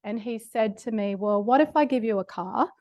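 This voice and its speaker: A woman's voice: on the high side, moderate pace, darkish tone, no echo. Middle-aged Australian woman lecturer, wry storyteller, dry close mic. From Australia (Queensland). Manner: humorous, self-deprecating storytelling with laughs. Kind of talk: public lecture with personal stories. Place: lecture hall.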